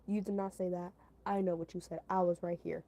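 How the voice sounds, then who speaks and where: Brief: woman playing a blunt, furious mother, demanding and cursing, with a warm tone. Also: lowish voice, little pitch movement, fairly quick. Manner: demanding, sharp-tongued.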